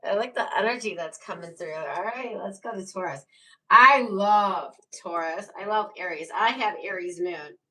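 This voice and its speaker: A woman's voice: on the low side, brisk, hardly any pauses, a bit bright, far from the mic, low-quality recording. Chatty woman tarot reader, off-mic. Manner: rambling, chatty, laughs often, many fillers. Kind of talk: casual live tarot reading.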